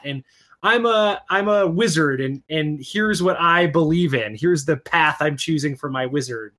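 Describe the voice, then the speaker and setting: A man's voice: a little high, fairly quick, fairly bright tone. A man co-hosting a podcast, explaining at length in casual chat, with many "like"s and "right?"s. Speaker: podcast co-host. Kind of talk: casual chat about comics and games.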